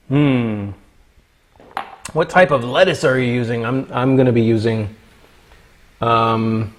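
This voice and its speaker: Cooking in his home kitchen, a man livestreams and keeps up a playful, casual banter with his viewers, cracking jokes along the way. He has a gravelly, mid-range voice.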